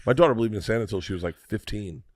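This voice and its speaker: A man in his forties telling a long story on a podcast, animated and profane, laughing through it. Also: lowish voice, very fast, over a noisy crowd. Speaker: podcast host. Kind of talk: casual storytelling chat.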